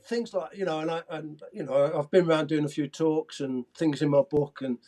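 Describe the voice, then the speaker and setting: Older man, sixties, interview guest: eager storyteller, stumbles and repeats, fairly high voice. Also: steady tone, a little fast, warm tone. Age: 60s. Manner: eager, restarts and repeats words often. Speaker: guest, former footballer.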